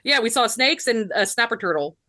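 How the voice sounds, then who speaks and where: A woman's voice: a little high, expressive, fairly quick, bright, forceful tone, no echo. A woman in her thirties with a Southern US accent, co-hosting a podcast and telling a story in casual chat, laughing often and saying "like" a lot. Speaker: podcast co-host.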